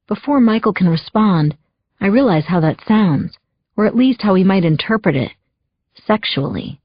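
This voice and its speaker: A woman narrating a first-person thriller audiobook in a measured, wry inner-monologue voice. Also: lowish voice, lively intonation, no echo. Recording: dull lo-fi dry audio.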